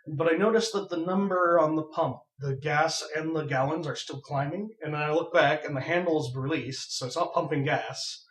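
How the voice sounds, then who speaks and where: Animated young man telling a story. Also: a little high, normal speed, few pauses. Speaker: podcast co-host. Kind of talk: casual storytelling. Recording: echoey room, far from mic.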